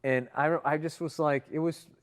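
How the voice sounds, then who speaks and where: A middle-aged man co-hosts a podcast, spinning long, rambling stories in casual conversation and swearing freely. His voice is on the high side, with a steady tone and normal speed.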